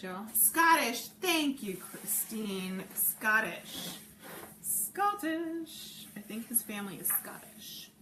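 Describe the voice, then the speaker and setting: Her fairly high voice recorded from a distance, a middle-aged home cook chats casually on a live cooking stream from her kitchen, reading viewer comments and straying off topic. The audio is echoey, with noise in the background.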